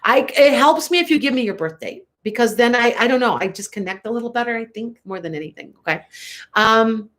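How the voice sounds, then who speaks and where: A woman's voice: mid-range voice, fairly bright tone. Chatty, rambling woman tarot reader. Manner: rambling, chatty, frequent self-corrections. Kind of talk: live-stream reading.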